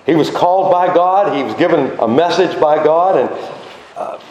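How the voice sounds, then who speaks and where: A man preaching a sermon with animated emphasis, his voice swinging between high exclamations and low asides. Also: moderate pace, highs cut off. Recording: very echoey room with faint noise.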